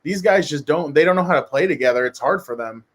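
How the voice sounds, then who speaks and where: A man co-hosting a casual sports round table, talking in an excited, rambling way with quick restarts. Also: on the high side.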